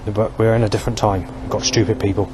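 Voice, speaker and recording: A man's voice: lowish voice, level tone, quick pace. A middle-aged man talking in a meandering monologue, restarting and swearing often. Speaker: vlogger. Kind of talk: rambling monologue. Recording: outdoor street and traffic noise.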